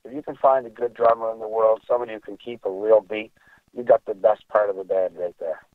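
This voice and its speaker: Chatty male guest musician, animated, dull dry recording. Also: lowish voice, fast, dry recording. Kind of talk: casual chat. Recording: dull lo-fi audio.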